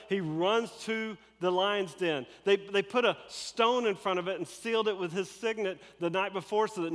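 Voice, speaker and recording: A man preaching a sermon, telling a Bible story in an animated, conversational way and acting out the characters. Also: sits high, in a large hall. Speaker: pastor.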